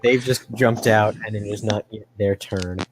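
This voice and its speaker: A young man with a low voice runs a tabletop game as its game master. He narrates haltingly, piling up fillers and restarts. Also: fairly even intonation, music in the background. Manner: hesitant, many fillers and restarts.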